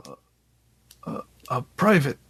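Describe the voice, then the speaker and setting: A man's voice: slow, fairly bright tone, no echo. A man doing a sobbing, terrified young soldier. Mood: dazed. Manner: pleading, panicked.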